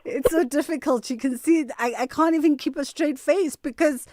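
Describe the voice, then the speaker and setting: A woman radio host talks with animated emphasis, stretching out her words. Her voice sits a little high, and the studio sound is close and dry. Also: moderate pace, few pauses, no echo. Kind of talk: radio talk show discussion.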